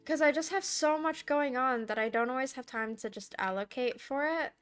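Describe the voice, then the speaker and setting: A woman's voice: high-pitched, moderate pace, clean tone. A young woman art streamer chatting casually and giggling while she draws, sometimes cooing baby talk at her cat. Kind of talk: casual chat while drawing. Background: soft background music.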